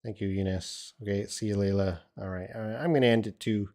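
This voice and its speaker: Guy english teacher on a live stream at home, kinda low voice, blunt and teasing with viewers. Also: steady tone, fairly quick, darkish tone.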